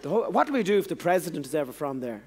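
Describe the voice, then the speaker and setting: High-voiced Irish comic, swearing freely. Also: male voice, very animated. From Ireland. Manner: profane, rambling, halting. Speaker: stand-up comedian. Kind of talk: stand-up routine. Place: theatre stage. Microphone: stage microphone. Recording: live show, noisy crowd.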